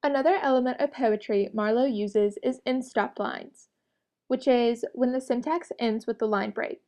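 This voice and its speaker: A woman reading a prepared script, presenting an educational narration in an even, explanatory way. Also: on the high side, normal speed.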